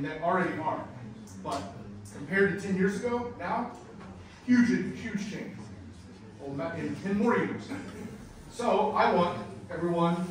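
An American man giving a classroom lecture as a guest nature guide, animated and storytelling, with simple wording for learners. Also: high-pitched, noisy background. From United States. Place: large lecture hall. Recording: echoey hall from far off.

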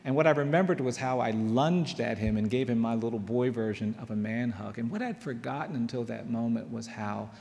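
A man's voice: mid-range voice, creaky, a little mellow. Earnest man speaking in a large hall. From United States. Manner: earnest, with long pauses and repeated phrases. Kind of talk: storytelling talk.

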